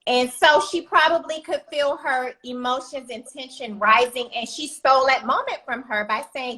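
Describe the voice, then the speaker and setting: A woman co-host with a high voice who talks bluntly and with heat, calling things out plainly. Her delivery is outspoken and casual. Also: normal speed, few pauses, pushed and bright, low-quality recording. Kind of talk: casual talk show chat.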